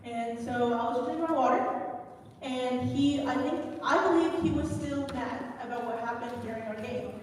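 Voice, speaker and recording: High-voiced woman in an echoey church. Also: slight background noise. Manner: earnest, emotional, halting. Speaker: children's story speaker. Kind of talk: church children's story testimony. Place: church sanctuary. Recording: echoey church hall from far off.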